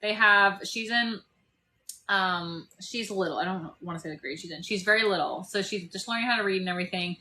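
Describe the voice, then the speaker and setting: Young woman, live-stream vlogger; chatty and laughing, bright tone, voice a bit worn. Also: mid-range voice, a little fast, slight background noise, poor audio. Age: 20s. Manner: chatty, reads out comments, laughs often. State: losing her voice. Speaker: TikTok live streamer and landlord. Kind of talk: casual live-stream chat. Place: parked RV at a state park.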